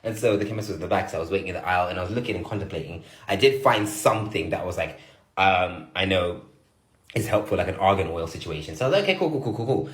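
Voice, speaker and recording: Man, animated storytelling, acts out dialogue, slightly low voice. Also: fast, reverberant. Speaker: TikTok creator. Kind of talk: storytelling to camera.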